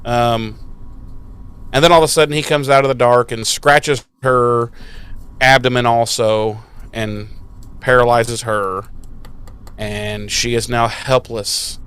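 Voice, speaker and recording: A man co-hosts a podcast in a loose, rambling recap full of swearing and asides. His voice is smooth and clear at a middle pitch. He talks in an easygoing, conversational way. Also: fairly even intonation, measured pace, fairly bright tone. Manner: profane, rambling, laughing. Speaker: podcast co-host. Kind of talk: casual episode recap.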